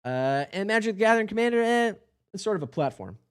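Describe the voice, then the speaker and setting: A hoarse man talking casually to a live-stream audience in rambling, self-deprecating asides. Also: sits high, big pitch swings, quick pace.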